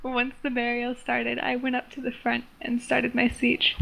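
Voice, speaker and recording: A woman's voice: on the high side, monotone, moderate pace, creaky, low-quality recording. A woman casually reading a homemade adventure story aloud to friends in a plain, level way. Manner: plain, level reading, self-conscious about an accent. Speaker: reader of a homemade game story.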